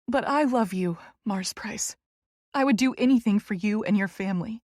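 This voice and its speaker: Woman reading a romance audiobook, earnest and emotional, mid-pitched voice, dry close mic. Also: moderate pace, darkish tone, no room sound. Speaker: audiobook narrator. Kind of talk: first-person romance audiobook narration.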